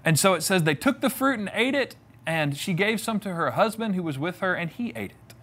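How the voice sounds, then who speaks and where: A man's voice: sits high, very animated, a little fast, a bit bright, husky. A young man giving a sermon, conversational and humorous, acting out the voices in the story he retells. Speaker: preacher.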